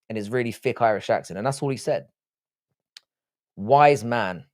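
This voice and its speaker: A man's voice: mid-range voice, normal speed, pauses often, a little mellow. Crude, blunt man hosting a live stream. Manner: blunt, crude, joking, swears often. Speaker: livestream host reading chat. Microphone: desk microphone, seated.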